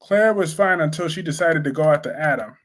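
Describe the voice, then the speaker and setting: Blunt, high-voiced man ranting on stream. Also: brisk. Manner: blunt, opinionated, repetitive emphasis. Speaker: soap opera commentator reading live chat. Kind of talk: casual live-stream chat.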